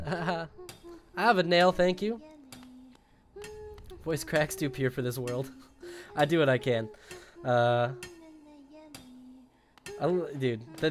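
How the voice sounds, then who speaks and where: Mid-range and fairly bright, this man's voice carries a laid-back gaming stream. He jokes around and rambles, talking to his chat as he plays.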